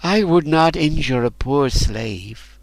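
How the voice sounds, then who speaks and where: A man voicing a defiant young serving woman in an audiobook, speaking quietly and with restraint. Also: fairly high pitch, animated, takes it slowly, vocal fry, no room sound, voice pushed up, exaggerated voice, low-quality recording. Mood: quiet defiance.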